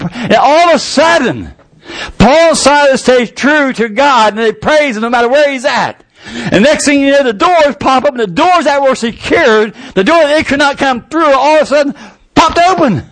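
Male preacher, high voice, very lively delivery, storytelling sermon. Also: normal speed. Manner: animated storytelling, acting out scenes.

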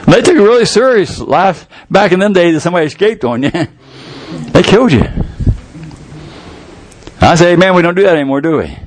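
A man's voice: sits high, expressive, a little fast, long pauses. An older man preaching a sermon, retelling scripture in a folksy, colloquial way with rising fervor.

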